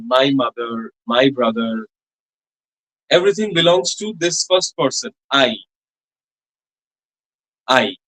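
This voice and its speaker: A man teaching a French grammar lesson in a college classroom, explaining slowly with many fillers and repeated examples. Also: medium pitch, a bit bright, low-quality recording. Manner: repetitive, many fillers and restarts, slow spelled-out examples. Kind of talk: classroom lecture.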